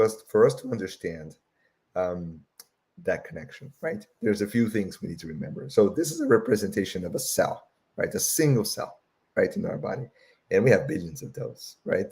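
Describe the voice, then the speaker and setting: A man giving a lecture with slides, tagging "right?" onto almost every phrase, with a voice that is going and frequent throat-clearing. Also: lowish voice, a little mellow. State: losing his voice, clears throat often.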